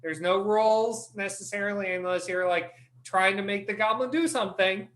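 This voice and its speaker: A man hosting a casual podcast as dungeon master, animated and swearing freely as he explains things. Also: high voice. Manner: animated, swears freely, talks in quick restarts.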